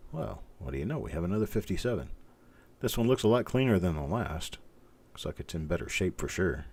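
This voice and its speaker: A middle-aged man hosting a live stream, calmly and methodically talking through each coin and greeting viewers by name. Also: low voice, a little fast, breathy edge. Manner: calm, methodical, talks while inspecting coins, greets viewers by name. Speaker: host.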